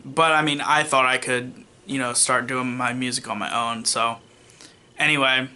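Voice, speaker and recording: A man's voice: mid-range voice, fairly even intonation, moderate pace, bright, forceful tone, clean tone. A young man telling a personal story on his vlog in a casual, rambling way, full of fillers and restarts, with wry self-mocking asides. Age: young adult. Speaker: vlogger.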